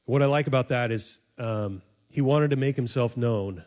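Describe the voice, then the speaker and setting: A man preaching a sermon in a conversational, joking way, acting out voices and laughing at himself. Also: moderate pace. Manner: animated, acts out voices of the disciples with sudden high squeaks. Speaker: pastor.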